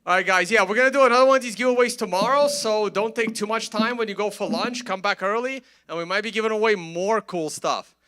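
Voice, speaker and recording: A man's voice: sits high, fast talker, hardly any pauses, bright, forceful tone, smooth. A man hosting a live conference on stage, making loose, chatty announcements with plenty of fillers. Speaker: conference host.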